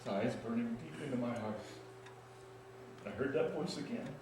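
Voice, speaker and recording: An actor playing a freed male prisoner, shaken and awestruck, in an intense dramatic stage monologue with halting pauses, recorded in an echoey hall from a distance. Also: mid-range voice, noisy background, close to an everyday voice. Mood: haunted. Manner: intense, halting, heavy pauses between phrases.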